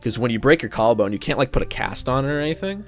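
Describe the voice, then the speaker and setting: A young man co-hosting a podcast, telling a story in casual chat, animated and swearing freely as he acts out what people said. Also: mid-range voice, very fast, over music. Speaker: podcast co-host.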